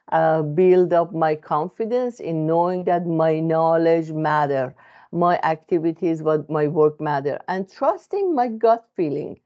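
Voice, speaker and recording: A woman's voice: fairly low pitch, dark tone, muffled recording. Earnest woman with a non-native English accent. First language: not English. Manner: earnest, halting, many fillers and restarts. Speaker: therapist. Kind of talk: reflective self-help monologue.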